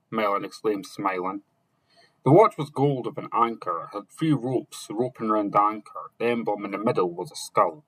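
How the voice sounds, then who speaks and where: Guy reading a fantasy novel out loud, kinda low voice, bright and dry sounding, stops and fixes words as he goes. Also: dry recording, rough recording. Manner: slow, halting reading with self-corrections. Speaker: audiobook narrator. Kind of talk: scripted narration reading a novel.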